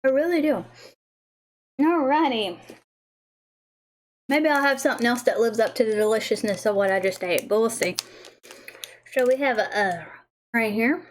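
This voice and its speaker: A woman's voice: on the high side, normal speed, pauses often. A woman hosting a casual livestream, bubbly and giggly, who stumbles over words as she reads aloud. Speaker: livestream host tasting snacks.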